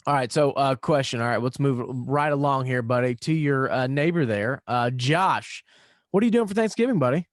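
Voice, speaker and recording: A man's voice: medium pitch, lively intonation, moderate pace, dry recording. A man hosting a podcast in casual chat, enthusiastic and steering the talk, laughing easily. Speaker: podcast host.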